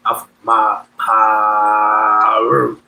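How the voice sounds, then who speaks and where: A man imitating a deep-voiced young gang member from juvenile hall, with slow, low, drawling greetings. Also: flat delivery, pushed and bright, soft background music. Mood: laid-back.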